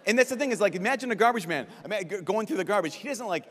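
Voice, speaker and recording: Animated priest in a big echoing hall. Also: male voice, high-pitched. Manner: lively, joking, acts out quick voices. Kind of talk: youth conference talk. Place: large conference hall. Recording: long reverb of a large hall.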